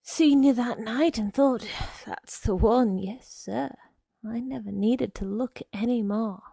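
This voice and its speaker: A woman's voice: fairly high pitch, slow pace, vocal fry, warm tone, no echo, studio quality, heavily acted. A woman playing a wheedling, menacing young man. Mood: coaxing. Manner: wheedling and pushy, slipping into threats. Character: menacing young man, smooth-talking stalker.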